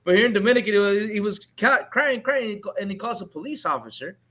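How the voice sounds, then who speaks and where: Guy chatting casually, lively storyteller, kinda high voice. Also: fast talker. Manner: animated storyteller, acts out voices. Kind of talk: casual chat.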